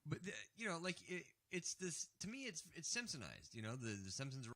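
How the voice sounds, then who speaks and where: A man co-hosting a podcast in casual chat, talking in halting bursts with many restarts. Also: fairly high pitch, no room sound. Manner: halting, restarts words, lively. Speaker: podcast co-host.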